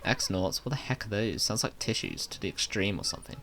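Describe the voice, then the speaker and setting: A man's voice: fairly low pitch, expressive, a little fast, fairly bright tone, a little hiss or hum. A man voicing a spunky young female goomba companion in a game, blunt and teasing.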